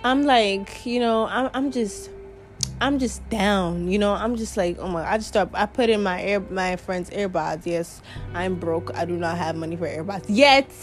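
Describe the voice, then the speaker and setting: A woman's voice: mid-range voice, moderate pace, soft background music. A young woman, hosting her podcast in a rambling, chatty monologue, swearing and laughing often. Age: young adult. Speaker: podcast host. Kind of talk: casual monologue.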